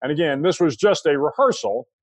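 An older American man, a guest in an interview, telling a long anecdote in a relaxed, conversational way with frequent restarts. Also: a little high, fairly quick, no room sound. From United States. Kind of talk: storytelling anecdote.

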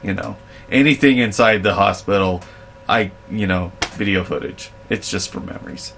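A young adult man telling work stories in a casual chat, animated and laughing, acting out the voices of others. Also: deep voice, moderate pace, vocal fry, slight background noise. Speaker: podcast co-host, storyteller.

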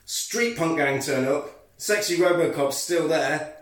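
A man's voice: on the high side, slow, distant mic. A man hosting a podcast, telling a film's plot with energy, swearing and laughing as he goes. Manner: energetic storyteller, swears freely, laughs often. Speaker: podcast host recapping a film. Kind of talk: casual chat, animated plot retelling. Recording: echoey room, off-mic.

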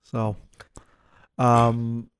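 A man's voice: medium pitch, monotone, drawn-out words, clear, resonant tone. A man co-hosting a podcast, chatting in a laid-back, jokey way. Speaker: podcast co-host. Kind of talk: casual chat.

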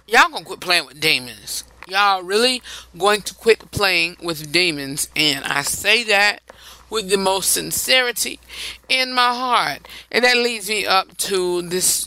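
Very bright, smooth-voiced chatty host. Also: medium pitch, poor audio. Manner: reads headlines with chatty asides to listeners, laughs, restarts. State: tired, yawning. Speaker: host of a news and gossip segment. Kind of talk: casual chatty news reading.

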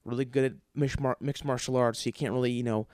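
A man's voice: mid-range voice, fairly even intonation, fast talker, darkish tone, no echo, studio quality. A man hosting his own podcast, ranting casually and comically with lots of swearing and rambling restarts. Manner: profane, grumbling, rambling with restarts. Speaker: podcast host. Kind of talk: casual comedic rant.

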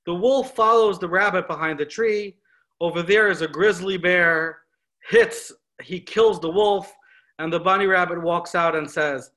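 Bright-voiced man teaching scripture. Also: high voice, measured pace. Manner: animated storytelling with rhetorical questions. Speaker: Torah teacher. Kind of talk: lecture on scripture.

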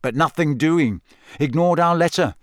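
A cheeky teenage prankster, as a man reads him, talks briskly and matter-of-factly. The voice sits higher than the reader's own, in a dry, close recording. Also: dry recording, lightly acted.

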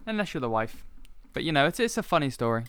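Deadpan young man, smooth voice. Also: mid-range voice, fast. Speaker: podcast co-host. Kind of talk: casual chat.

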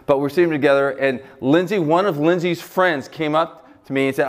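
A middle-aged man preaches to his congregation in an easy, joking way, with his voice rising and falling a lot. His voice sits a little higher than most men's. He is from Buffalo, New York. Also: brisk, few pauses. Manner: conversational and joking, with lively swings in pitch. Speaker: pastor. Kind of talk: sermon.

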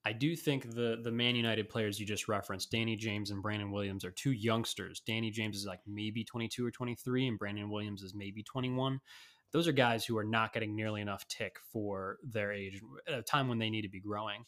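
A man's voice: fairly low pitch, steady tone, brisk, a bit bright. A man co-hosting a podcast, talking sports in a rambling, casual way with many fillers and restarts. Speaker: podcast co-host.

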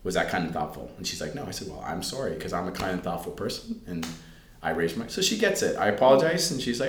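A middle-aged man with a very low, deep voice talks in a relaxed interview. He tells his stories with animation and slips into the voices of the people in them. The sound is roomy and echoey. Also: fast, slight background noise. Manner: animated storyteller who acts out family dialogue. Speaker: interview guest. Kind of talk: casual interview conversation. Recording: roomy echo.

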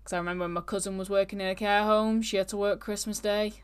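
A woman's voice: mid-range voice, steady tone, fast, smooth. A woman co-hosting a podcast, chatting casually and rambling from one point to the next. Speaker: podcast co-host. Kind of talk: casual chat.

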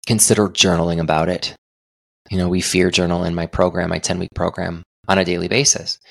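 A man's voice: sits low, level tone, brisk, gravelly, a bit bright, no echo, clean studio sound. A young adult man hosting a solo podcast, talking in an earnest, reflective way with frequent restarts. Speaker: podcast host.

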